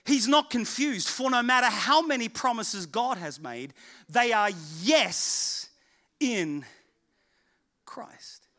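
A middle-aged English pastor preaches a sermon and recounts a family story, animatedly acting out the voices of its characters. His voice is very high-pitched and his pace slow.

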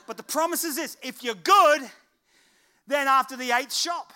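A man's voice: very high-pitched, moderate pace. A middle-aged man preaching a sermon and telling a family story, acting out the voices of people in it. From England. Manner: animated, acts out voices of people in his stories. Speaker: pastor.

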